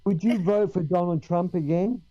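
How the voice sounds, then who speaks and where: High dark-toned teasing man. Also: normal speed, dry recording. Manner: teasing, questioning. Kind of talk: casual chat. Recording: dull, dry sound.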